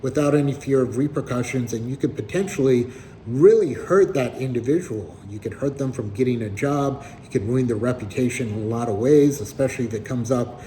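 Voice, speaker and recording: A man's voice: medium pitch, a little fast, warm tone, a little hiss or hum, rough recording. A man casually telling a story about someone he met, in a conversational, slightly wry way.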